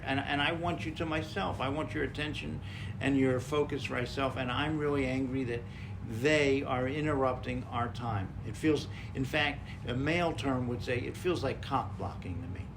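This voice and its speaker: A man co-hosting a podcast, talking calmly and gently in a casual conversation about honest communication. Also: mid-range voice, normal speed, few pauses, noisy background. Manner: gentle, calm and mild even when voicing anger. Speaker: podcast co-host.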